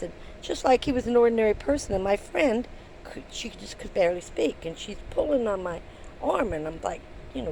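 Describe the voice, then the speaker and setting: A woman's voice: mid-range voice, expressive, fairly quick, gravelly, mellow, slight background noise, poor audio. An older woman vlogging from her van, telling a story in a chatty, rambling way with many ums and restarts. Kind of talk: casual storytelling to camera.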